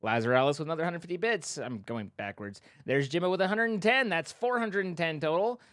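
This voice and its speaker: A man's voice: on the high side, lively intonation, brisk, a bit bright, no room sound, clean studio sound. A man streaming live, casually thanking viewers by name and making playful joking asides. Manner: reads out donor names, playful joking asides.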